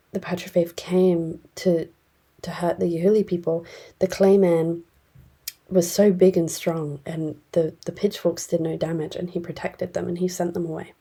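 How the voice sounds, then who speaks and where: A woman's voice: on the low side, warm tone, breathy edge. A woman casually retelling and reviewing a fantasy novel, chatty and blunt, with many fillers. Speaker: book reviewer.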